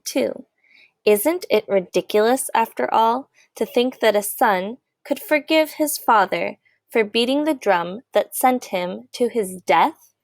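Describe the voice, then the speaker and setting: A woman reading a children's novel aloud in a gentle, measured storytelling voice. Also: medium pitch, gravelly, dry recording, studio quality. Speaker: audiobook reader. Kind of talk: storybook narration.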